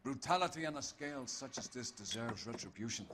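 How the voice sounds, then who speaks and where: A stern 1940s police superior, played by a man in game dialogue, formal and measured. His mid-pitched voice carries faint ticking behind it. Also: animated, background noise, close to an everyday voice.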